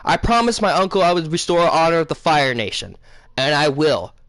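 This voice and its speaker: A man's voice: on the high side, big pitch swings, fairly quick, a bit bright, no echo, rough recording. A man voicing a proud young male prince giving a solemn victory speech.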